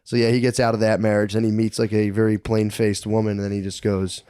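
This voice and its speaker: A man co-hosting a podcast, retelling a book in a rambling, animated way, full of "dude" and "like". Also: lowish voice, fast talker, clean tone, no room sound, clean studio sound. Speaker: podcast co-host. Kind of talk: casual chat, retelling a book.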